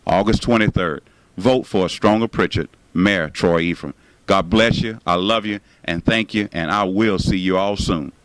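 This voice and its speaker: Man giving a campaign speech, lowish voice, dry close sound, emphatic and repetitive. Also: normal speed, fairly bright tone, dry recording, poor audio. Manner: emphatic, repetitive rally rhetoric. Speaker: city mayor.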